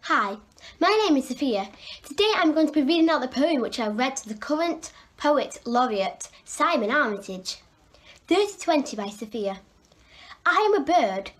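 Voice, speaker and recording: Young woman, student poet, dramatic reading, fairly high voice. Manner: dramatic, with pauses after each place name. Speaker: student poet reading her own poem. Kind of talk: poetry reading.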